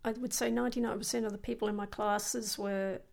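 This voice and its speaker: Chatty older woman, creaky voice. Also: medium pitch, fairly even intonation, fairly quick, darkish tone. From came from England as a child, grew up in Sydney. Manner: chatty, laughs often, finishes the other's sentences. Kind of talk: casual chat explaining slang.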